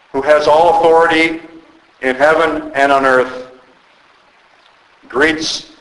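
A man preaching a sermon as pastor, slow and emphatic with dramatic pauses. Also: a little high, a bit bright, roomy sound, rough recording.

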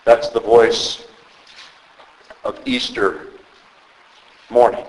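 A man preaching a sermon as pastor, slow and emphatic with dramatic pauses. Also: medium pitch, little pitch movement, darkish tone, roomy sound, poor audio.

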